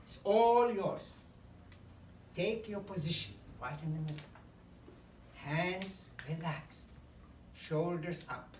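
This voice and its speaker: A woman's voice: lowish voice, darkish tone, a little hiss or hum. A woman teaching a public speaking workshop to a live group, acting out examples as she goes and often saying "you know". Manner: demonstrative, acts out examples, frequent "you know". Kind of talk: instructional talk to a live group. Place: meeting room. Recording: roomy echo, distant mic, faint ambience.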